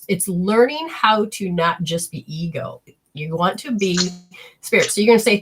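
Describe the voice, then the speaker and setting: A woman hosting a live call-in spiritual reading, effusive and prone to high excited exclamations. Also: moderate pace, slight background noise. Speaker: spiritual reader and show host.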